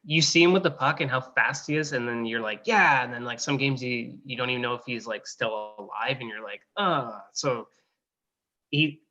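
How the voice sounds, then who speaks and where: Bright, forceful male co-host on a dull-sounding call line, rambling. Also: medium pitch, a little fast. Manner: rambling, filler-heavy. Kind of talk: casual sports talk. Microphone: video call.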